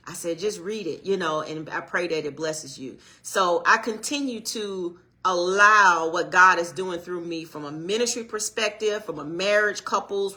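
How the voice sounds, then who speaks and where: Chatty preacherly woman with a bright voice. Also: fairly low pitch. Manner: warm, chatty, greets viewers, preacherly. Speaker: channel co-host and minister. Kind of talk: casual livestream talk.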